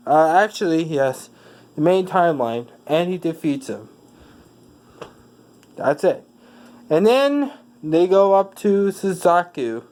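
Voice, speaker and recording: A speaker casually retelling a fan story, halting often with fillers and correcting themself mid-sentence. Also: medium pitch, darkish tone, clean tone, poor audio.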